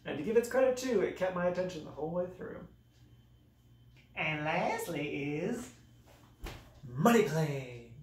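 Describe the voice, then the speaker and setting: A young man gives a casual, comedic movie review monologue, mocking himself and exaggerating, with sudden dramatic swings in his voice. His high, expressive voice moves at a moderate pace over a little hiss or hum. The room is echoey and he is slightly off-mic.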